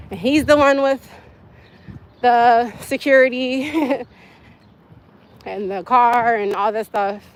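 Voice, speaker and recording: A young woman hosting a casual livestream from her phone, talking candidly with viewers in a rambling way and laughing often. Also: a little high. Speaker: livestream host. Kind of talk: casual live-stream chat with viewers.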